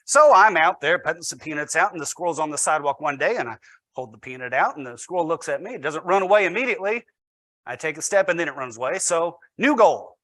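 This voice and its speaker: A man's voice: fairly high pitch, expressive, fast, bright, forceful tone, no echo. A man, a teacher, giving a storytelling presentation with wry, self-deprecating humor.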